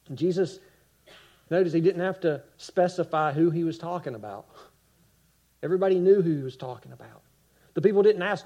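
A man preaching a sermon with passion, rising to loud cries and dropping to hushed quiet. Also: a little high, a little fast, dull audio.

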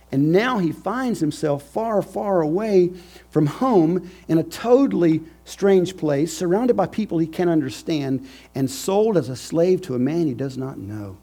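A man preaching a sermon, emphatic and repetitive, swinging between loud declarations and hushed phrases, with a husky voice. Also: fairly high pitch.

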